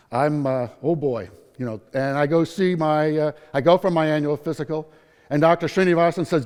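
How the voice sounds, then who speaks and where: A man in his sixties, appearing as a patient speaker at a nursing conference, tells a personal story in an upbeat, humorous way and acts out quotes. His voice is fairly high and clean with a darkish tone at normal speed, and the conference hall lends a long reverb.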